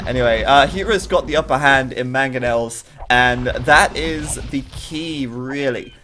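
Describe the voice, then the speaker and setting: A man commentating a strategy video game live, chatty and excitable, with jokey asides between the action. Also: medium pitch, moderate pace, a little hiss or hum.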